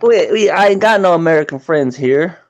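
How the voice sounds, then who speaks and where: A man's voice: a little high, animated, moderate pace. A man from Britain with a light British accent, joking playfully with friends on a call. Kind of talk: casual joking chat.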